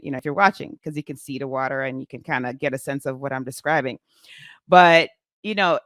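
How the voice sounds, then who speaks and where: A woman in her forties, a physician hosting her own show, telling a story in a chatty, animated way with many fillers. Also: deep voice, dry recording, clean studio sound. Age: 40s. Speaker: physician podcast host. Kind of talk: casual storytelling to camera.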